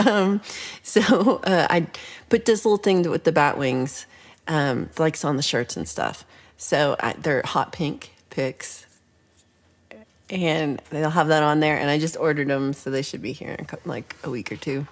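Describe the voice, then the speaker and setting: A woman's voice: low-pitched, expressive, unhurried. A woman hosting a casual livestream chat, rambling playfully through viewer comments with frequent whispered asides. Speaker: livestream host.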